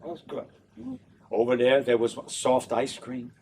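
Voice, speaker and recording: A man's voice: mid-range voice, unhurried, heavy background noise. Older new orleans guy, opera tenor, chatty and laughing, kinda far from the mic. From New Orleans, USA. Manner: animated, laughing often, acts out voices. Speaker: opera tenor and stage director, interview guest. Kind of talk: casual interview chat.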